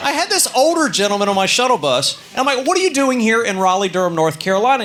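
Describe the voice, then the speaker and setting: A man doing a stand-up comedy routine, telling stories deadpan and acting out the people in them. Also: extremely high pitch, quick pace, background noise. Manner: deadpan storytelling with quoted characters.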